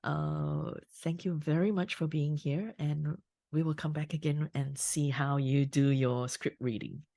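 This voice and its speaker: A woman hosting a podcast interview remotely, speaking hesitantly with many pauses. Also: deep voice, fairly even intonation, gravelly, warm tone, dry recording, clean studio sound. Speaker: podcast host. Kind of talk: casual interview talk. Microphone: remote recording.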